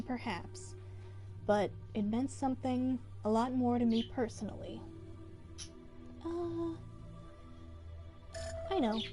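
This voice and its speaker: A woman reading gentle crew simulations' farewell. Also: on the high side, lightly acted. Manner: soft, tender farewell. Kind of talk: reading game dialogue aloud.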